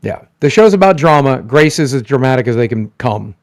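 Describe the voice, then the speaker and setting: A man co-hosting a live stream, talking casually and swearing in a relaxed, stunned way. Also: mid-range voice, brisk, dry recording. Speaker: co-host.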